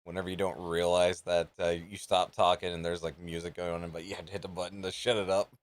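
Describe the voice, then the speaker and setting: A man hosting a live reaction stream, chatting casually and thinking out loud with offhand, rambling asides. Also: sits low, flat delivery, quick pace, no room sound. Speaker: live reaction show host.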